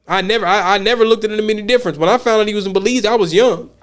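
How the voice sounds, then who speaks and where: Man, high voice, American, casual podcast host, rambling, restarts a lot. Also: rapid-fire. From United States. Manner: rambling, repeats words when he restarts.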